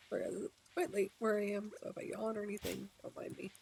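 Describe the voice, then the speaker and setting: Gravelly-voiced streamer muttering through gameplay. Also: medium pitch, little pitch movement, fast, darkish tone, a little hiss or hum. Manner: muttering to self while playing, talking to chat. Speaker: game streamer. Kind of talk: live gameplay commentary.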